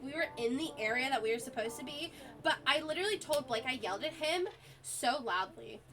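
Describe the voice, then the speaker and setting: Woman, high voice, sick with a cough, casual exasperated storytelling, filler-heavy. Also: a bit bright. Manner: chatty and exasperated, lots of "like" fillers. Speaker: streamer.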